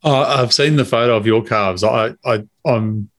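A man's voice: mid-range voice, normal speed. A man co-hosting a casual podcast, easygoing and chatty. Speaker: podcast co-host.

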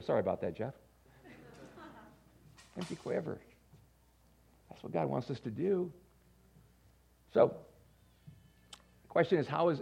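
A man preaching a sermon as pastor, animated, going from loud bursts to quiet asides and stammering as he restarts. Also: sits high, vocal fry. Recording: dull lo-fi sound.

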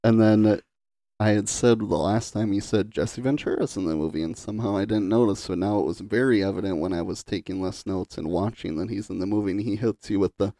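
A man's voice: on the low side, brisk, warm tone, no echo, studio quality. A man co-hosting a casual movie podcast, reading bad lines aloud and laughing often. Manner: reads movie quotes in hammy voices, laughs often. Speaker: podcast co-host. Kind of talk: casual chat.

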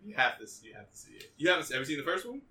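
A man chatting casually about a horror movie, animated and laughing as he acts out scenes. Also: on the high side, racing. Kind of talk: casual movie review chat. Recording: roomy distance from mic with faint background noise.

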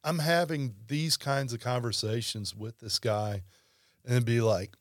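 A man hosting a casual podcast chat, telling rambling stories with lively asides. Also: medium pitch, takes it slowly, no room sound, clean studio sound. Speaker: podcast host.

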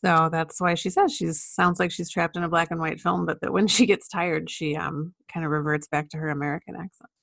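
A woman co-hosting a podcast, casually telling stories and trivia in a relaxed way. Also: low voice, fairly quick, gravelly, no echo, clean studio sound. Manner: relaxed storytelling, sharing facts with soft laughs. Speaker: podcast co-host. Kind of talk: casual chat.

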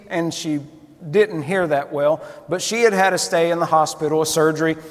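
A man's voice: sits high, big-room sound. A male pastor preaching a sermon in a conversational, storytelling manner with frequent restarts.

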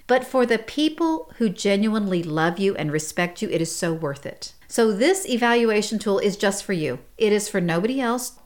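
A middle-aged woman hosting a podcast, telling personal stories in a casual advice talk and laughing often. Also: medium pitch. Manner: warm storytelling, laughs often. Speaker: podcast host.

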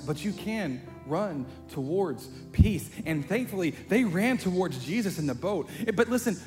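Male pastor, fairly high voice, casual buddy-style sermon delivery rising to animated emphasis; long hall reverb, faint music bed. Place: church sanctuary.

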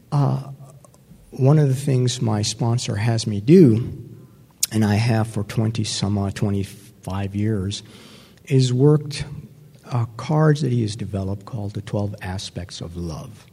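A man giving a personal recovery testimony to an audience, speaking reflectively and pausing often with fillers. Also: on the low side, creaky, mellow, husky. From New York. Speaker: speaker sharing his recovery story. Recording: long hall reverb.

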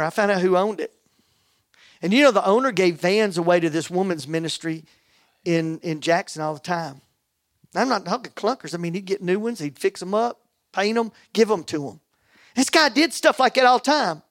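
A man preaching a sermon, telling a personal story with animated quoted dialogue. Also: sits high, moderate pace, pauses often, no room sound, clean studio sound. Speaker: pastor.

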